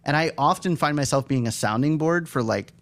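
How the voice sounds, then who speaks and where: A man's voice: a little high, brisk, fairly bright tone. A man who does stand-up comedy, talking in an earnest, reflective way in a casual studio podcast chat.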